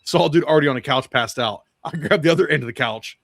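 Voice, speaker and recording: A man's voice: on the high side, fast talker, creaky, a bit bright, no echo. A man telling a profane, rambling travel story on a podcast, acting out the people he met. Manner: profane, rambling anecdote with quoted dialogue. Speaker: podcast guest or co-host.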